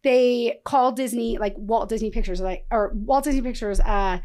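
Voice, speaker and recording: A woman's voice: on the high side, moderate pace, darkish tone. A woman from Iowa, a guest on a podcast, telling her story in a casual, rambling way full of "like" fillers. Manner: rambling, many "like" fillers, frequent laughs. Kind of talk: casual interview talk.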